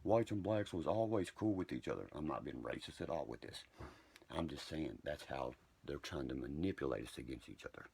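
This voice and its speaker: A man's voice: a bass voice, expressive, brisk, vocal fry, a little mellow, slight background noise. A man ranting on a livestream, profane, combative and rambling from one point to the next.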